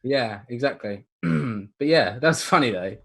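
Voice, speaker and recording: A young man, co-hosting a casual podcast, relaxed, laughing often and trailing off. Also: medium pitch, measured pace. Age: young adult. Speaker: podcast co-host. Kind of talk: casual chat.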